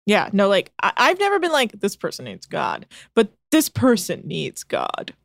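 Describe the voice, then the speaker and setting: A woman co-hosting a podcast, recapping a reality show in fast, exasperated casual chat. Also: mid-range voice, huge pitch swings, gravelly, dry recording, studio quality.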